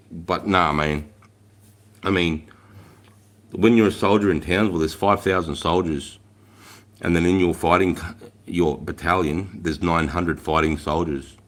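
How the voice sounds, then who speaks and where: A middle-aged man with an Australian accent and a very low, deep voice tells stories on his livestream. He is blunt and profane and acts out the orders he once barked, then reads and answers chat in the same plain way. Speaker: livestream host, ex-army instructor. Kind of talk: casual livestream storytelling.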